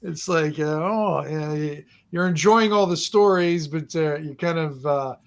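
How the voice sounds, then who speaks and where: A man narrating a tabletop game as game master, rambling and halting with lots of fillers. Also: on the high side.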